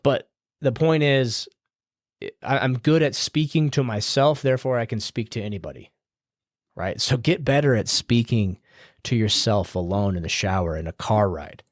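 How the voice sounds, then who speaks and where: A man's voice: mid-range voice, lively intonation, normal speed, no room sound, clean studio sound. A man hosting a podcast, giving casual advice in a loose, rambling way with fillers and the odd swear word, in an upbeat, smiling tone. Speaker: podcast host.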